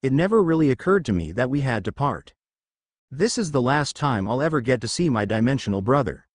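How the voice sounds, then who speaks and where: Man narrating fan fiction, lively pitch. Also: brisk, no room sound, studio quality. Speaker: story reader.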